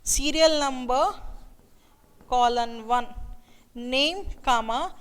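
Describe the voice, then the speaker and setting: A woman's voice: sits high, takes it slowly, clean tone, big-room sound. A woman explaining programming step by step, often saying "okay" and "see here". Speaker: programming teacher. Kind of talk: screen-recorded coding lesson.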